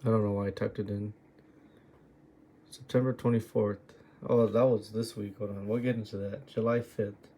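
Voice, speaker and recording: A man's voice: on the low side, flat delivery, moderate pace, dark tone, husky. A man going over his own trades and muttering to himself, exasperated and swearing at his own choices. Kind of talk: muttering self-critical screen review.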